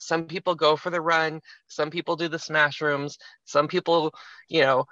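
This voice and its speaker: A man with a raised, bright and somewhat tense voice speaks as a podcast guest, his audio a little dull and lo-fi but dry. He talks reflectively, retelling a film scene in detail to make a point in casual conversation. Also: fairly high pitch, flat delivery, normal speed, dry recording. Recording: slightly muffled, lo-fi.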